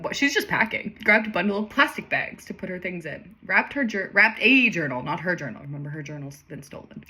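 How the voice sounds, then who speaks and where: A woman's voice: fairly low pitch, pushed and bright. A woman reading a homemade story aloud for laughs, with sarcastic, amused asides. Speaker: reader and commentator. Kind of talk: comedic read-aloud of a story.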